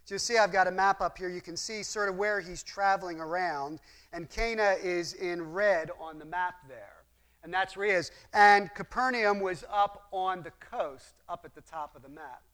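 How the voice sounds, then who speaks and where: Male Bible teacher with a high-pitched voice, earnest and explanatory, asks questions of the listeners. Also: normal speed, a bit bright. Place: room with a map display.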